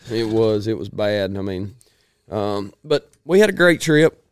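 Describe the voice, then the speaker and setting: Folksy man with a smooth, low voice. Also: very animated, slow, no room sound, clean studio sound. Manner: folksy, rambling, frequent throat clearing. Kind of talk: casual chat.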